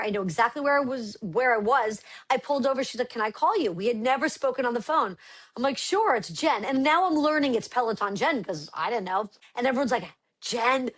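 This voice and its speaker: A middle-aged woman, a brand founder, telling lively stories as a guest on a casual podcast and acting out quotes. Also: high voice. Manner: animated storyteller acting out quotes.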